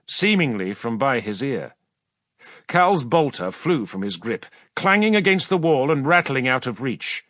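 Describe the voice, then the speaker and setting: A man's voice: mid-range voice, fairly bright tone, no room sound. Dramatic male audiobook narrator. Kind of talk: scripted narration.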